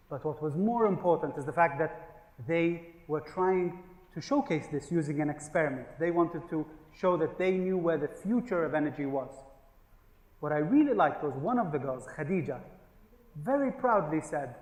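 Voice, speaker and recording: A man with a fairly high, slightly mellow voice delivers a humorous business keynote at normal speed in a large conference hall. He tells stories, cracks jokes and asks the audience rhetorical questions, all caught in an echoey hall with long reverb.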